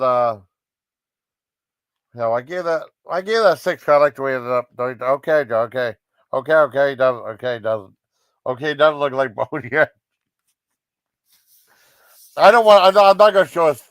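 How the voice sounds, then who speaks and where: A man's voice: on the high side, fairly bright tone, smooth, no room sound. A man casually reviewing comedy sketches, rambling with many fillers and giggly asides. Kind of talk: casual chat.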